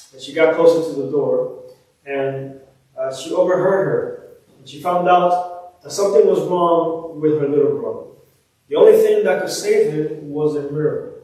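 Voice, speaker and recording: Brief: male preacher, slightly high, warm and mellow, storytelling sermon, roomy and distant. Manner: animated, swells up then drops to soft near-whispers. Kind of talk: sermon with scripture reading and storytelling. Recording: echoey church room, distant mic.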